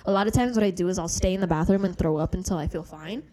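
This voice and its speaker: A woman co-hosting a casual chat, telling stories with animated swings between loud outbursts and whispers. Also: fairly low pitch, racing. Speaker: podcast co-host.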